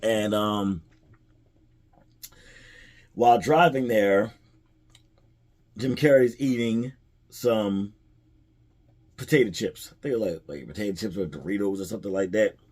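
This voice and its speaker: A man's voice: fairly low pitch, a little slow, pauses often, a little mellow. A man casually retelling a movie's plot in a rambling way, chuckling at the jokes as a film reviewer.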